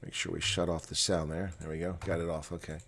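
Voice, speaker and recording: A man giving live reaction play-by-play commentary, excitable and opinionated, dropping to quiet asides and then rising to loud calls when the action starts. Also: low-pitched, quick pace, creaky, breathy edge. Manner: opinionated, argues with referee calls. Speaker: live watch-along commentator.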